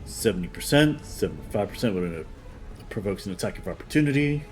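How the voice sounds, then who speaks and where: Over loud game music, a fast-talking man with a lowish voice and lively intonation gives relaxed let's-play commentary on a role-playing game. He narrates each of his moves to himself as he plays.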